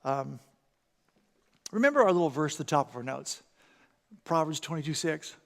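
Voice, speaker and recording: High-voiced man preaching, long reverb. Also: normal speed, vocal fry. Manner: animated, acts out parent and commercial voices, repeats words. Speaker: pastor. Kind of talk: sermon. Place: church sanctuary.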